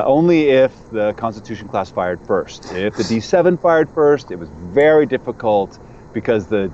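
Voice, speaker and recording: A man, a guest editor and sound designer, telling a lively anecdote in a casual interview and acting out the people in it. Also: lowish voice, lo-fi sound, a little hiss or hum. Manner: animated anecdote-teller who acts out the people in his stories.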